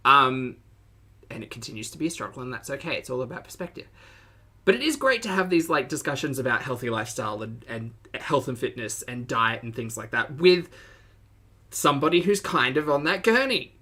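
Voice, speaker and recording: Chatty laughing woman streamer, bright voice. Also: extremely low pitch, expressive, a little fast. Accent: Southern US. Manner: chatty, laughs often, greets chat viewers. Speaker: streamer reacting to videos. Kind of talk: casual live-stream commentary.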